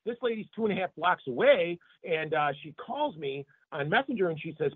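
A male pastor giving an emotional interview testimony, animated and repeating words when moved. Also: sits high, fairly quick, slightly rough, no room sound. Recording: phone-like remote line.

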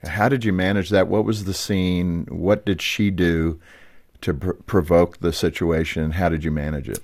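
Deep, husky-voiced radio host. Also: male voice, steady tone, normal speed, darkish tone. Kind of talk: hosting interview and closing appeal.

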